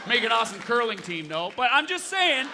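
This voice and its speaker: A male stand-up comedian performing on a theatre stage, ranting in an animated voice that often rises to a shout. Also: very high voice, brisk, gravelly, crowd noise, background noise.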